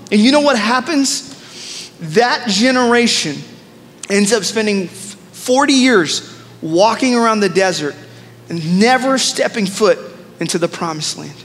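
A man's voice: extremely high pitch, measured pace, long reverb tail. A man preaching a sermon as a pastor, telling stories with asides to the congregation. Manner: storytelling, animated with asides to the congregation.

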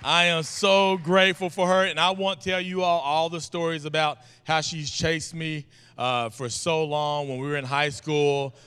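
A man's voice: on the high side, measured pace, hardly any pauses, clean tone. A man, a guest preacher opening his sermon with folksy, joking stories. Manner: folksy, joking, animated storytelling. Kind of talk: informal sermon introduction. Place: church sanctuary. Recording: long hall reverb of a church.

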